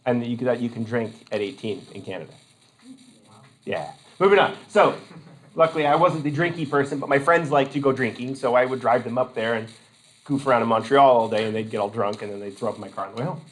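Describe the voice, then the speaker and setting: A man's voice: medium pitch, fast, poor audio. A man from Vermont giving a casual college lecture, rambling with jokey asides.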